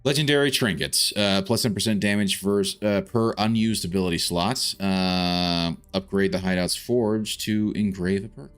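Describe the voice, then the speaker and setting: Streaming a video game, a man offers relaxed live commentary, musing aloud, often restarting his sentences and padding them with filler. He speaks at a moderate pace with few pauses, in a low, clean-toned voice.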